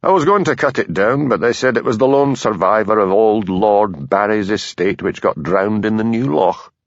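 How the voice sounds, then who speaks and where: A man voicing a blunt, bitter factory owner who answers questions gruffly in an audiobook. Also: fairly low pitch, moderate pace, dry recording, muffled recording.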